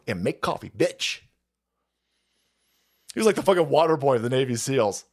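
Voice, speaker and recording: A man hosting a live stream, ranting in profane commentary, mocking his targets, laughing often and breaking into shouts. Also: mid-range voice, big pitch swings, takes it slowly.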